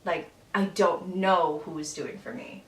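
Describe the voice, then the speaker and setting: Thoughtful young woman in casual chat. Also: fairly low pitch. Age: 20s. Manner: thoughtful, measured, a little hesitant. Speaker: guest best friend. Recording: roomy echo, mic at a distance.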